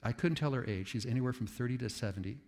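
A man preaching to a room of pastors, telling stories in an animated, self-aware way. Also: medium pitch, fast talker, in a large hall. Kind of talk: sermon to pastors.

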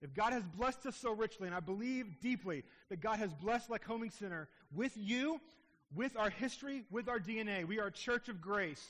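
High-voiced preacher in a reverberant hall. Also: male voice, lively intonation, normal speed. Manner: impassioned preaching, softening to a hush at tender moments. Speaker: pastor. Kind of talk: sermon. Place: church sanctuary.

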